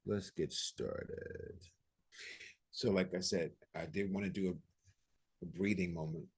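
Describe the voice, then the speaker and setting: A man with a deep voice, a spiritual teacher leading prayer and guided breathing over a video call in a calm, instructive way. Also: creaky, slightly rough. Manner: calm, prayerful, unhurried delivery; gently instructive, counting breaths aloud.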